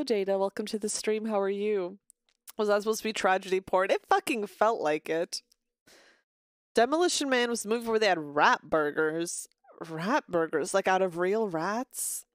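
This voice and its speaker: A woman's voice: medium pitch, dry recording, studio quality. A woman live-streaming a game, chatting casually in a rambling way, swearing freely and breaking off to greet viewers. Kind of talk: casual live-stream chat while gaming.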